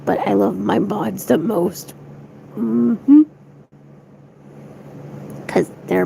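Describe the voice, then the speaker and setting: A woman's voice: mid-range voice, very slow, pauses often, dark tone, slight background noise, low-quality recording. A young woman streamer chatting casually to her viewers, rambling, giggly and swearing a lot. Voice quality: gravelly fry.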